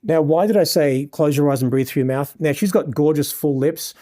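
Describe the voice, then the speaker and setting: An Australian man leads a photography lesson while shooting, his voice sitting slightly high with a soft, mellow tone. He heaps praise on his model between shots. He breaks down settings and choices step by step for the viewers. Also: a little fast. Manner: effusive, showering the model with praise. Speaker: photographer teaching a lighting lesson. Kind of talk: live instruction while shooting a portrait session.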